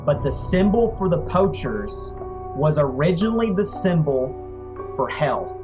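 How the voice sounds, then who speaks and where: A man narrating as game master of a tabletop game, telling the story in a slow, measured way. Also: a little high, big pitch swings. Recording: dull lo-fi audio, faint music.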